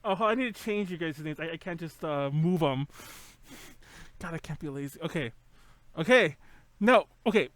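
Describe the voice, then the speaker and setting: A man's voice: fairly high pitch, expressive, moderate pace, long pauses, fairly bright tone, no echo. A man hosting a casual podcast over an online call, rambling and correcting himself with frequent laughs. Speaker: podcast host. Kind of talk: casual chat. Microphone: home computer mic on an online call.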